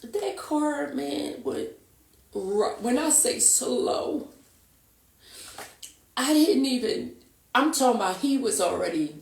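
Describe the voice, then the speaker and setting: A woman telling a painful personal story in a halting, emotional way, often repeating herself and acting out what people said. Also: high-pitched, expressive, creaky. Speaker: guest telling her story. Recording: echoey room, voice from a distance.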